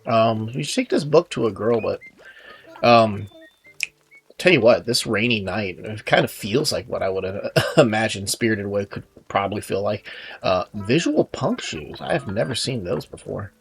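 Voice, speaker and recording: A man talks casually over his gameplay, rambling and poking fun at himself. His pitch moves up and down a lot, and he stumbles through fillers and restarts. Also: animated, normal speed, vocal fry, husky. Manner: rambling, self-deprecating, many fillers and restarts. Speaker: gaming video host.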